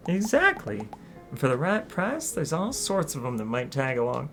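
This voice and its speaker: A woman's voice: sits low, wildly swooping pitch, normal speed, faint music behind, voice pushed up, heavily acted. A woman voicing a kindly middle-aged crab innkeeper with a Southern US accent and homey, friendly talk.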